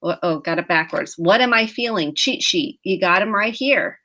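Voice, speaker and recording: A woman's voice: fairly low pitch, lively intonation, moderate pace, sharp tone, a little hiss or hum. A middle-aged woman therapist talks earnestly over a video call. She coaches viewers through emotions and slips into short acted-out exchanges with her kids. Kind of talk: casual video chat on mental health.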